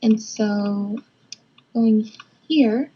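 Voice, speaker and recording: A woman's voice: fairly high pitch, drawn-out words, warm tone, husky. A young woman presenting a storyboard casually, with many "kind of" and "like" fillers. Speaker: student presenter. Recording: dull lo-fi recording.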